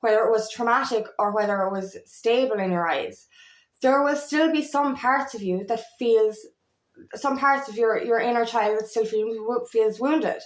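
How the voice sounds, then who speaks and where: A woman's voice: on the high side, moderate pace, echoey room. A woman in her thirties, a feminine empowerment coach, talking candidly to camera in a rambling way, with many fillers and restarts. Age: 30s. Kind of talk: personal monologue to camera.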